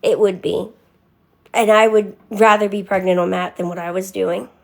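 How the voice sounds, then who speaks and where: Gravelly-voiced young woman chatting on a live stream. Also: medium pitch, steady tone, moderate pace. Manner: candid, answers commenters by name. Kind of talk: casual live-stream chat with viewers.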